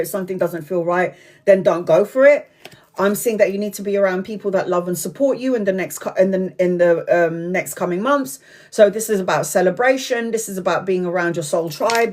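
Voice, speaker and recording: A woman giving a live-streamed tarot reading, talking frankly, swearing freely, laughing often and drifting off on tangents. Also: mid-range voice. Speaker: tarot reader.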